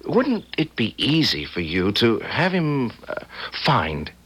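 A man's voice: medium pitch, huge pitch swings, takes it slowly, fairly bright tone, husky, exaggerated voice. An actor playing an earnest, timid village boy who stammers and worries aloud. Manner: stammering, anxious, easily upset.

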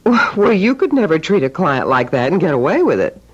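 A sarcastic, needling wife. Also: female voice, low-pitched, very animated, moderate pace, slightly rough, heavily acted. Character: sharp-tongued, sarcastic middle-aged businessman's wife. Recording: dull old radio drama recording with music.

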